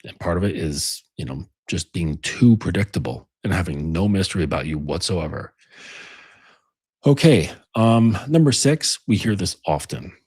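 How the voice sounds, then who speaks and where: Husky-voiced man with a deep, lively delivery. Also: normal speed, no room sound. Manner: rambling, filler-heavy, acts out quoted lines. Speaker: dating coach. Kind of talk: casual monologue.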